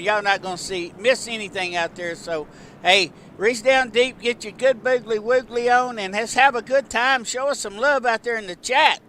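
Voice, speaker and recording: High-voiced folksy race announcer. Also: male voice, a little hiss or hum. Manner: folksy, excitable, rambling with many fillers. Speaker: race commentator host. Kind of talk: live sim racing play-by-play.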